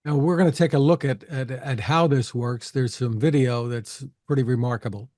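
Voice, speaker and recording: A man's voice: mid-range voice, normal speed, darkish tone. A man hosting an interview show, prompting his guest with brief, upbeat questions. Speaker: show host.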